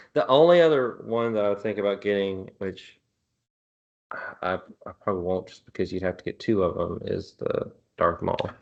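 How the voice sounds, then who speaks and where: A man's voice: moderate pace, vocal fry. A man co-hosting a live show, chatting casually and hesitantly with lots of fillers. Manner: hesitant, filler-heavy, trailing off. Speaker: podcast co-host. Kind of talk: casual live-stream chat. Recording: muffled low-fidelity stream audio.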